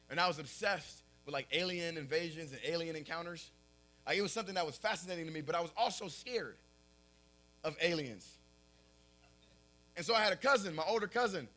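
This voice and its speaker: A young man preaching in a high, bright voice. He talks casually, with lots of fillers, and often breaks into laughter as he tells his stories. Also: fast talker. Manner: animated storytelling, often laughing at his own story; casual filler-heavy talk. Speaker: pastor. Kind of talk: sermon.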